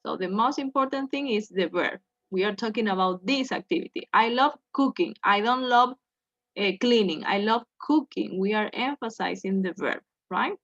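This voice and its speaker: A woman teaching an English grammar lesson, speaking slowly and checking in with "okay" after each point. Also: medium pitch, lively intonation, fairly bright tone, no echo. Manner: slow, repeats "okay" to check in with students. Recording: dull lo-fi sound.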